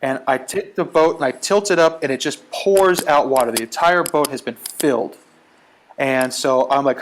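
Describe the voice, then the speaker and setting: Guy spinning a funny travel story, acts out the quotes, mid-pitch voice. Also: normal speed, a little hiss or hum. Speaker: guest storyteller. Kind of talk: casual storytelling.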